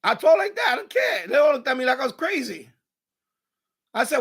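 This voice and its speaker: A man's voice: extremely high pitch, big pitch swings, fast, fairly bright tone, slightly rough. A middle-aged man, ranting bluntly and profanely as he tells a story on his livestream. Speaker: livestream host. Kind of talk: casual ranting monologue.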